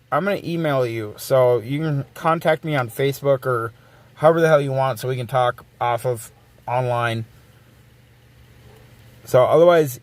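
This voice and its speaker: A man's voice: medium pitch, no room sound. A man hosting a casual livestream, rambling and swearing freely as he reads and answers chat messages aloud. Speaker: livestream host.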